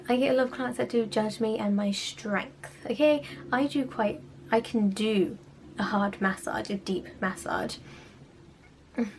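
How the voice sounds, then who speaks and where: A woman's voice: fairly high pitch, darkish tone, slight background noise. A young woman, a spa therapist, ranting sarcastically about clients in a casual vlog. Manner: exasperated, sarcastic storytelling.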